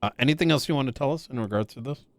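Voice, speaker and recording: Calm man asking investigative questions. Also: medium pitch, very fast, gravelly, no room sound. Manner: calm, short prompts and follow-up questions. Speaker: police investigator in role-play. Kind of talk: casual in-character questioning.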